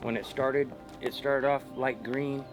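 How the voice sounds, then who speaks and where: A man with a middle-pitched voice talks excitedly outdoors by a lake. He swears freely and calls everyone dude and bro. Music runs behind him. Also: unhurried. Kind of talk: casual outdoor chat. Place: outdoors at a lakeside campsite.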